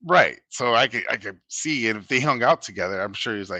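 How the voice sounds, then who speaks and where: A man's voice: mid-range voice, expressive, a little fast, sharp tone, no room sound. A man co-hosting a casual movie review show, agreeable and chiming in with short replies. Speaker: podcast co-host.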